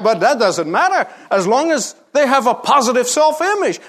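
A man's voice: very high-pitched, fairly bright tone. A middle-aged man preaching a sermon, emphatic and fond of rhetorical questions, repeating lines for stress. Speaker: pastor.

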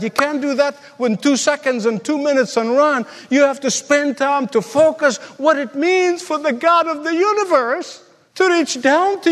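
A man preaching a sermon as a pastor, impassioned, swinging between loud high bursts and hushed asides. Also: in a large hall.

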